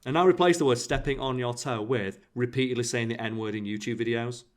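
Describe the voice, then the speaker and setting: A man's voice: medium pitch, brisk. A man hosting a casual podcast chat, explaining his points through everyday analogies and acting out short quoted exchanges. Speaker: podcast host. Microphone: podcast microphone.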